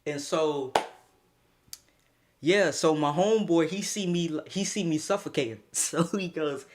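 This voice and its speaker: A young man streaming a casual storytime, slangy and animated, laughing often as he talks. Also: a little high, measured pace, slight background noise.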